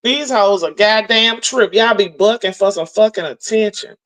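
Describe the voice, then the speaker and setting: A woman's voice: mid-range voice, normal speed, rough recording. A woman hosting a live stream, ranting in a brash, profane, mocking way as she calls people out. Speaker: livestream host.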